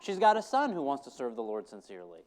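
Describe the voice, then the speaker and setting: A man's voice: mid-range voice, wildly swooping pitch, fast talker, a little mellow. A man preaching a sermon as pastor, earnest, repeating his key lines for emphasis.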